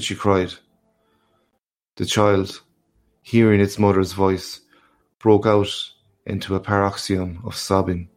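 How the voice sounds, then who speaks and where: A man reads a classic short story aloud in a deep, low voice. His delivery is slow and measured, with a flat, even line. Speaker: narrator.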